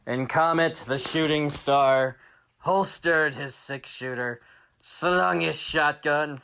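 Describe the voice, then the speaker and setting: A man hosting a children's story podcast, telling an improvised tale with shouted sound effects and dramatic hushed asides. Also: on the high side, takes it slowly, clean tone.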